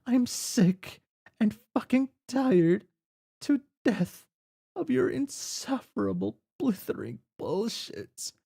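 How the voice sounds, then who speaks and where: A man's voice: a little high, slow pace, creaky, hardly any pauses, no echo, clean studio sound, exaggerated voice. A man voicing a furious teenage girl who snaps in exasperated outbursts while reading a webcomic aloud. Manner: sharp, exasperated, shouting outbursts.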